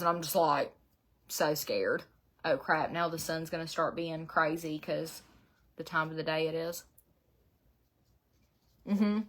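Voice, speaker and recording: Chatty middle-aged Southern woman, low voice. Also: measured pace, pauses often, fairly bright tone. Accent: Southern US, Georgia. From Southeast Georgia, USA. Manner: chatty, rambling, laughs often. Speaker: beauty vlogger. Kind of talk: casual chat while doing makeup. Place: her home beauty room, indoors.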